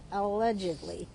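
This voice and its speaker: A woman from Chicago, a drawing teacher, telling a story in a lively, chatty way while she draws. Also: medium pitch, creaky, slight background noise. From Chicago, USA. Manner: lively, keeps asking "right?".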